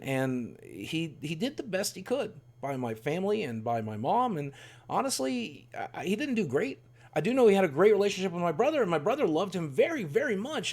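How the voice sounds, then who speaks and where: A man's voice: on the high side, darkish tone. A man in his forties telling a candid, rambling personal story in a self-deprecating way. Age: 40s. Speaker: YouTuber.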